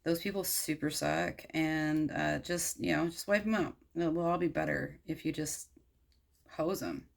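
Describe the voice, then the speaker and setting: A woman voicing a stubborn, grumpy male prophet who bluntly brushes off orders in slangy, flat refusals. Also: low-pitched, a little slow, creaky, heavily acted. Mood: dismissive.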